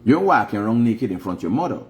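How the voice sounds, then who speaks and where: A man's voice: on the low side, big pitch swings, fast. Emphatic Guyanese man lecturing. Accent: Guyanese Creole English. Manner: emphatic, lecturing, swings up into loud rhetorical questions. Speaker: online show host. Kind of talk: preachy casual livestream monologue.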